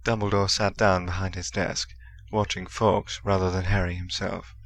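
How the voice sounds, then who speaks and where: A man narrating a fantasy audiobook in a steady storytelling manner. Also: deep voice, normal speed, a little hiss or hum. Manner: steady storytelling with soft character voices. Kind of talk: scripted narration.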